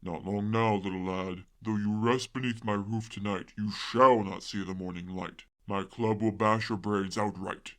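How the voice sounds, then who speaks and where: A lying two-headed giant with a Welsh accent, as a storytelling man puts him on, his voice dropped low and heavy. He talks in a sing-song, sweet-sounding way that hides his murderous plans. Each word sounds a little distant from the mic. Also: fairly even intonation, moderate pace, hardly any pauses, fairly bright tone. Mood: menacing. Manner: sing-song false friendliness, rhyming threats.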